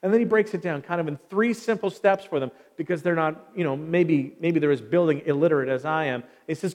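A man's voice: on the high side, a little fast, hardly any pauses, darkish tone. A man preaching a sermon to a congregation in a church, chatty and conversational, firing rhetorical questions at his listeners. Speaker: pastor. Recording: long reverb of a large hall.

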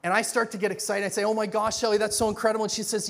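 Middle-aged male preacher, high voice, chatty sermon, acts out dialogue, long reverb in a big church hall. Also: racing, creaky. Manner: animated, conversational, many restarts, acts out dialogue.

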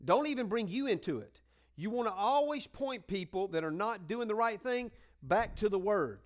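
A man with a high voice preaches to his congregation in a folksy, conversational way. He acts out the people in his stories and climbs into fervent, rousing exhortation. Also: animated, normal speed. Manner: acts out quoted voices in dialogue. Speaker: pastor. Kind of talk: sermon.

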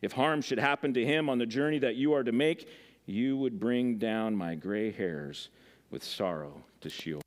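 A man reading the lines of a grieving old father in scripture, low and mournful. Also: normal speed, natural voice.

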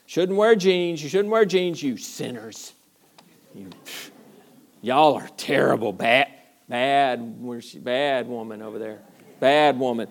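A man's voice: mid-range voice, expressive, takes it slowly. A man playing a finger-pointing, judgmental preacher in a sarcastic, mock-scolding way.

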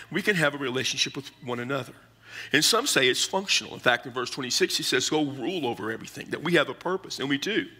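A male pastor delivers a teaching sermon, building his explanation phrase by phrase. His voice is strikingly bright and edged with a husky grain, while his pitch sits in an ordinary middle range. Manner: explanatory teaching, pausing between short phrases.

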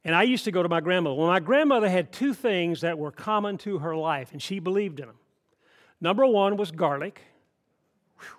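An older man from Atlanta, preaching a sermon in a folksy, emphatic way with asides to the congregation. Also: a little high. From Atlanta, Georgia. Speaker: pastor.

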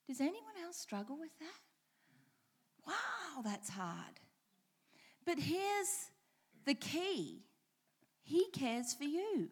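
A woman's voice: high-pitched, sing-song, very slow, pauses often. A woman preaching a sermon, reading scripture aloud and repeating key lines with changing emphasis, asking the congregation direct questions.

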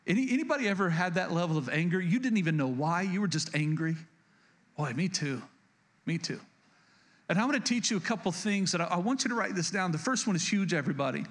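Pastor, male, higher register; earnest preacher who repeats key points and restarts sentences. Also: animated, fast, fairly bright tone. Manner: frequent stutters and restarts. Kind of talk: sermon.

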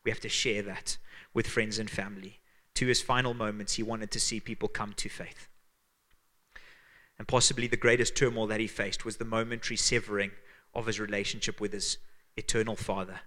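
A man with a Zimbabwean accent preaching a sermon as pastor, earnest and emphatic, dropping to hushed tones for weight. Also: fairly low pitch, flat delivery, brisk.

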